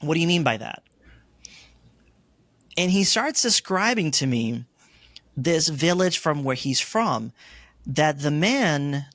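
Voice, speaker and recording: A man's voice: fairly high pitch, no echo. A middle-aged man telling a personal story as an interview guest, acting out the lines he and others said. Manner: animated storyteller, acts out his own quoted lines.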